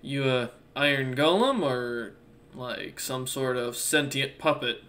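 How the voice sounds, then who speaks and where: A man's voice: mid-range voice, takes it slowly, bright, forceful tone. A man voicing a scarred, one-armed male dwarf general who questions people crudely and bluntly. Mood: suspicious.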